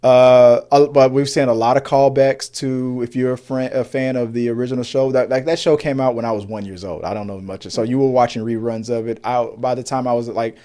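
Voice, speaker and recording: A man's voice: medium pitch, steady tone, brisk, few pauses, warm tone. A man in his forties co-hosting a casual movie review podcast, rambling with many restarts and fillers. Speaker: podcast co-host.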